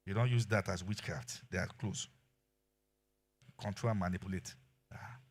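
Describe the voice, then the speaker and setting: A middle-aged man with a Nigerian accent preaching a sermon, shifting between quiet asides and loud exclamations. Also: low-pitched, fairly even intonation, moderate pace, husky. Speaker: pastor.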